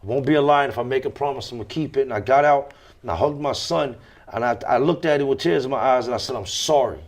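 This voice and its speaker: A man's voice: medium pitch, fast talker. Emphatic man telling his story. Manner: emphatic, repeats key phrases, swears freely. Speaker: podcast guest. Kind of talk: candid interview storytelling.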